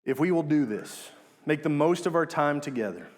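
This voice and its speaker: A young man preaching a sermon in an earnest manner, rising to emphatic peaks and dropping low on key words. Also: very animated, moderate pace, darkish tone.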